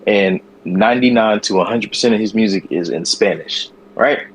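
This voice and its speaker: Low-voiced man telling a story on a podcast. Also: moderate pace, breathy edge, low-quality recording. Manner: animated, profane storytelling with slang. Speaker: podcast co-host. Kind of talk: casual chat.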